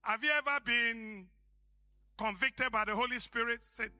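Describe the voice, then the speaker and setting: A man with an African accent, preaching a sermon as pastor, impassioned and shouting for emphasis. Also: sits high, normal speed, faint music behind.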